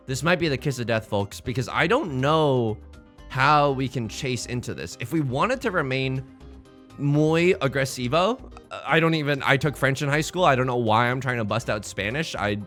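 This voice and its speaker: A man's voice: medium pitch, fairly bright tone. A young man from the United States giving casual, joking commentary while playing a game, rambling to himself and his viewers. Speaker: let's play host.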